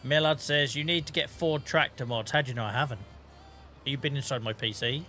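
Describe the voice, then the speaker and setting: A man's voice: medium pitch, fairly quick, sharp tone, faint music behind. A man with a Norfolk accent chatting casually with his live-stream chat while playing, laughing often and reading out messages. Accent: Norfolk English. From England. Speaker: game streamer.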